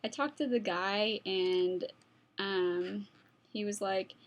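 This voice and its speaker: Talking slowly, with a mid-range voice and fairly even intonation, a young woman vlogger rambles to her computer webcam indoors at home. She drifts from one thing to the next and speaks to her dog along the way.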